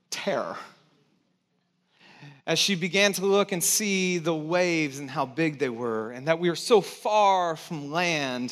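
A pastor preaching a conversational sermon to his church, swinging between loud emphasis and hushed, quiet stretches. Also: high voice.

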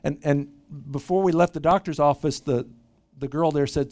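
A man's voice: mid-range voice, brisk, warm tone. A middle-aged male pastor giving a sermon, telling a story with lots of repeated word starts as he builds his point. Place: church retreat hall.

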